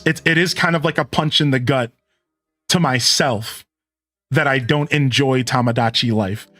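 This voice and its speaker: A man's voice: a little high, a bit bright. A man streaming live, chatting in a rambling, casual way and answering his chat.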